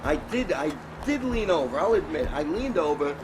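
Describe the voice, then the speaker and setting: A man's voice: a little high, sing-song, normal speed, noisy background. A man playing a sheepish young man who nervously defends himself in an outdoor comedy sketch. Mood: defensive.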